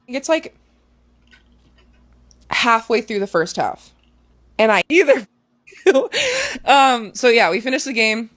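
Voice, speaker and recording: A woman's voice: a little high, big pitch swings, a little slow, pauses often, dry recording, studio quality. A young woman talking as a guest, telling an emotional personal story casually with many fillers.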